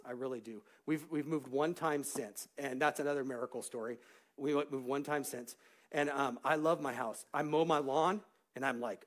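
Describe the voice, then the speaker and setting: A middle-aged man preaching a church sermon, telling personal stories in an animated way that rises into shouts of praise. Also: mid-range voice, a little fast. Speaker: pastor. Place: church sanctuary.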